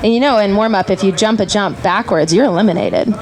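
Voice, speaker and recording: A woman event rider, a guest in an interview, telling a story in a lively way with frequent laughter. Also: mid-range voice, quick pace, poor audio. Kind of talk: casual storytelling chat.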